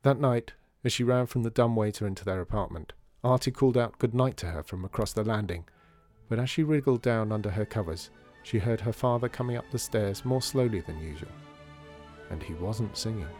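Brief: male author-narrator, expressive, warm low timbre. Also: brisk, faint music behind. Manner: expressive reading. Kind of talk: storybook narration.

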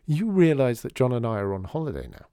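A man's voice: medium pitch, wildly swooping pitch, fast talker, warm tone, no echo. A man voicing a wry grown woman neighbour in a storybook reading, with a dry, teasing manner.

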